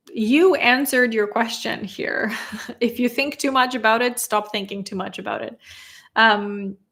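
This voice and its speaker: With a slightly high, somewhat bright voice, a young non-native English speaker chats casually with her livestream audience, answering their questions. She laughs frequently as she talks.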